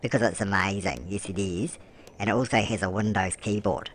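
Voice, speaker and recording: A man's voice: fairly low pitch, brisk, a little hiss or hum, natural voice. A man playing a chatty elderly grandmother who hosts a game commentary, calling the listener love and answering his own questions. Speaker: game host. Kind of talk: let's-play commentary. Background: music.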